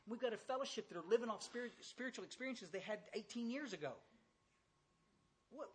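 A man's voice: extremely high pitch, expressive, fast talker, slight background noise. An older man giving a folksy, blunt recovery talk to a large audience, often repeating himself and asking the room direct questions. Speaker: recovery speaker. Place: large room with a few hundred listeners.

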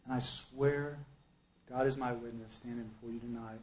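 A man giving a personal testimony at a recovery meeting, an emphatic storyteller who swings between loud outbursts and hushed asides. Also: mid-range voice, fairly even intonation, normal speed, a little hiss or hum, low-quality recording.

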